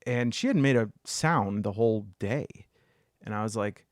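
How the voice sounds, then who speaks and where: Male solo storyteller, middle pitch, dry booth-like sound, animated and jokey. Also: normal speed, no room sound. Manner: animated, jumps into high excited pitch when riled up; jokey asides, many fillers. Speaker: solo video essayist. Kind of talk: casual storytelling monologue.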